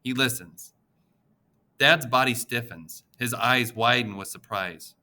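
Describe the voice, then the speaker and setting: A man narrating an audiobook in the first person, with an expressive, emotional reading. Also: mid-range voice, slow.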